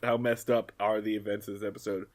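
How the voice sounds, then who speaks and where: A man co-hosting a casual podcast chat, animated and quick to joke. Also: on the low side. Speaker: podcast co-host.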